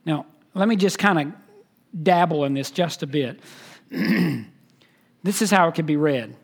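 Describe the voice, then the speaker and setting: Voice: mid-range voice, lively intonation, unhurried, creaky. A pastor preaching an expository sermon, emphatic and teaching, repeating key phrases and asking the listeners questions.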